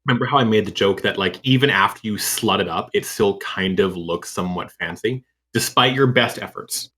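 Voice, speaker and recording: A man's voice: fairly low pitch, fairly quick, sharp tone. A man narrating as game master of a tabletop game, describing scenes in a rambling way full of fillers.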